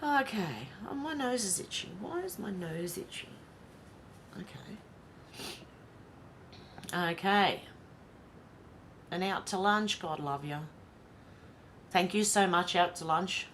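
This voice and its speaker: A woman's voice: lowish voice, lively intonation, slow pace, long pauses, fairly bright tone, slight background noise. A woman from Australia with an Australian accent, hosting a live stream in a casual, chatty way, often laughing to herself as she reads out viewer comments. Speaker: livestream host.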